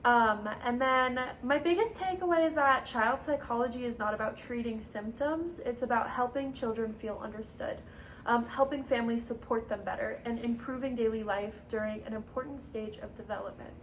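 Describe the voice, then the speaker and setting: A woman's voice: fairly high pitch, moderate pace, a bit bright, slight background noise, low-quality recording. A young woman giving a class presentation, with frequent ums and uhs and a hesitant delivery. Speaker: student presenter.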